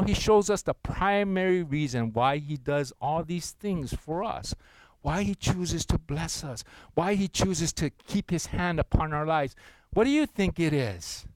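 A man preaching as a pastor, earnest and gentle, his voice sitting a little high for a man. The sound is dry and close, with no room around it. He drops into hushed, intimate stretches and then reads scripture loudly and slowly. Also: no room sound, low-quality recording. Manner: earnest, gentle and intimate, with loud slow scripture reading led with the congregation. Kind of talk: sermon.

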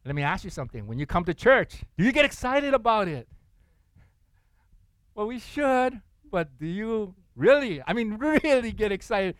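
A man preaching to his congregation. He has a fairly high voice and a lively, animated delivery, putting on excited voices when he acts out the quotes and firing questions at the listeners. The recording is dry and close, with no room echo. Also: moderate pace. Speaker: pastor. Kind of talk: sermon.

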